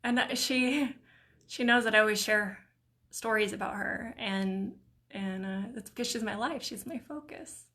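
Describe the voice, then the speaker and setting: A middle-aged woman hosting a live video stream, reading viewers' comments aloud in a warm, encouraging, emotional way. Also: medium pitch, unhurried. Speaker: host of a live mindset stream.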